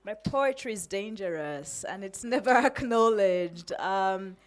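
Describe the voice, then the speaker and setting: A woman's voice: medium pitch, animated, unhurried. A woman from Uganda, in her forties, speaking as a poet with a shaky, emotional but defiant delivery before a reading.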